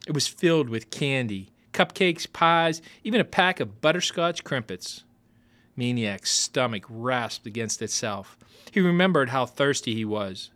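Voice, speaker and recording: A man reading a novel aloud as narrator, with lively, expressive storytelling. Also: mid-range voice, normal speed.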